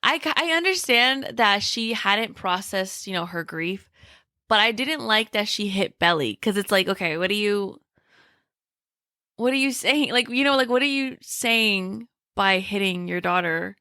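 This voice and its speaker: Bright-voiced young woman chatting casually. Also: mid-range voice, unhurried, no echo, clean studio sound. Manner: animated, many fillers, quotes characters in put-on voices. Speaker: podcast co-host. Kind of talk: casual chat.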